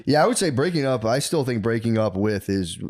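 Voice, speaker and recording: A man co-hosting a podcast, telling loose, laughing stories in casual chat with quick put-on quotes. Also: mid-range voice, animated, a little mellow. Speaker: podcast co-host.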